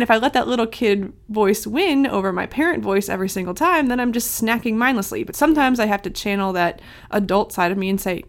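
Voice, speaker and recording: A woman co-hosting a podcast, chatting casually with playful, animated storytelling. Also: medium pitch, a little fast, few pauses. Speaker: podcast co-host.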